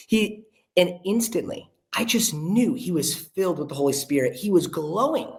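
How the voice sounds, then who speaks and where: A young man, a podcast guest, telling a story in an earnest, animated way and acting out the voices of the people he quotes. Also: on the high side, normal speed. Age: young adult. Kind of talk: casual storytelling chat. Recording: roomy echo.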